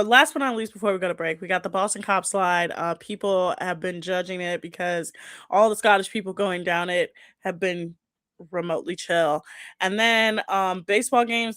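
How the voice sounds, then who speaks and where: A woman co-hosting a podcast, talking excitedly and laughing as she chats. She is from the United States. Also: mid-range voice, no echo, studio quality. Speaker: podcast co-host. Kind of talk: casual chat.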